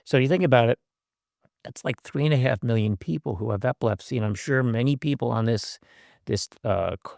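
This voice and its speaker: Gravelly older man giving a wry talk. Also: medium pitch, fairly quick, a little mellow, no echo, clean studio sound. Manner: wry, self-deprecating asides with frequent fillers. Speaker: guest speaker, professor. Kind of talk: conversational lecture. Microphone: video call.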